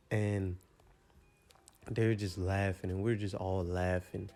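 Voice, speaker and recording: Teen dude rambling thru a story, gravelly voice, lil music under it. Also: male voice, low-pitched, slow, long pauses. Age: teens. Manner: rambling, animated slang-heavy storytelling. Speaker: vlogger telling a story. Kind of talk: casual storytime.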